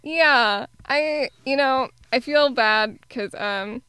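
A woman co-hosting a podcast, chatting casually about a film and pausing often with ums. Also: high-pitched, clean tone, dry recording. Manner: relaxed, hesitant with many ums. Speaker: podcast co-host. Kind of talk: casual film review chat.

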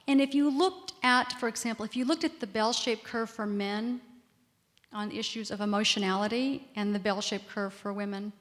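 A woman answering audience questions at a public talk, explaining at length with fillers. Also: fairly high pitch. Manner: explanatory, long-winded, fluent with fillers. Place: community center hall. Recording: reverberant hall.

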